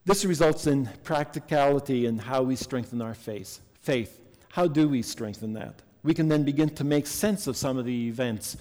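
A man's voice: mid-range voice, normal speed, darkish tone. A man preaching a sermon earnestly and reading a story to his congregation. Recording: long hall reverb.

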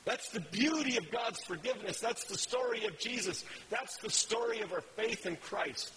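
A man's voice: high voice, animated, normal speed, sharp tone, a little hiss or hum, poor audio. A man preaching a sermon, telling a story in a conversational way. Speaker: pastor.

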